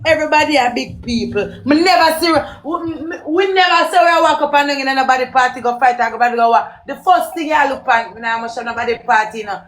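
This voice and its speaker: A woman's voice: high-pitched, fast talker, hardly any pauses, a bit bright, roomy sound. A Jamaican woman chiming in and agreeing during a heated live chat.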